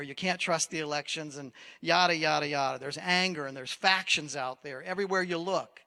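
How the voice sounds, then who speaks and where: Man, pastor, high bright voice, talky sermon, rhetorical questions, long hall reverb. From Maine. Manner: conversational preaching with rhetorical questions.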